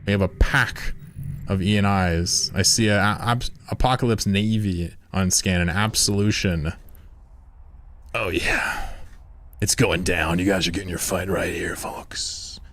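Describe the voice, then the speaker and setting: A man's voice: low voice, fairly even intonation, unhurried, fairly bright tone. A man streaming a game, chatting loosely with viewers, swearing and often laughing. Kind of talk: casual live-stream chat while gaming.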